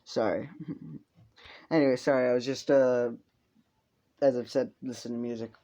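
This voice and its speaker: A man's voice: medium pitch, fairly even intonation, normal speed, dark tone. A young man casually improvising a fan story, rambling with fillers, laughs and swearing.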